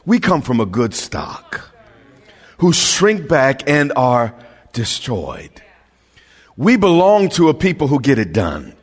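Slow, animated preaching man in a hall. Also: mid-range voice, breathy edge. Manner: impassioned preaching with stammered restarts, rising to shouts. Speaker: pastor. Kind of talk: sermon. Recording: long hall reverb.

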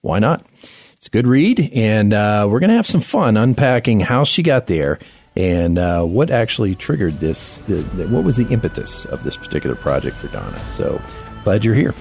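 Lively man hosting a radio interview. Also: fairly low pitch, moderate pace, vocal fry, breathy edge, soft background music. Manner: lively, chatty, many fillers and restarts. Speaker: radio talk show host.

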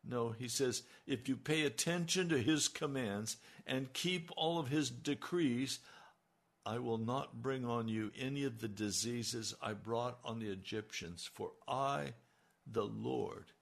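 A man preaching a sermon, slow and emphatic, his voice rising on key lines. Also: mid-range voice, creaky. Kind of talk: radio sermon.

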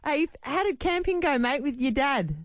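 A woman hosting breakfast radio, teasing and lively in her banter. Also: high-pitched, no room sound, studio quality. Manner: teasing, lively, quick to laugh. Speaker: radio host.

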